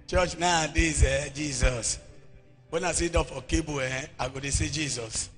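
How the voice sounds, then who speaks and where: A Nigerian man preaching a deliverance sermon in church, animated and often shouting. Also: fairly high pitch, normal speed, faint music behind. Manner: animated, shouting, mimics people. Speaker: pastor.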